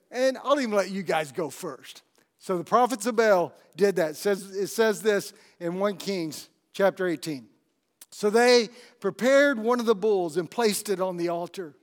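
High-voiced animated male preacher. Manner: animated storytelling, asks the congregation questions. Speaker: pastor. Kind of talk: sermon.

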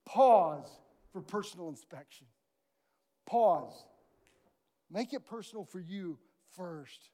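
A man preaching a sermon, telling a parable with animated storytelling and big swings of volume. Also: sits high, moderate pace, hardly any pauses. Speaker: pastor.

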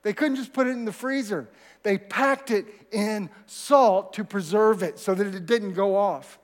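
A man's voice: sits high, unhurried, in a large hall. A man preaching a sermon as pastor of his church, talking conversationally and asking the congregation questions. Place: church sanctuary.

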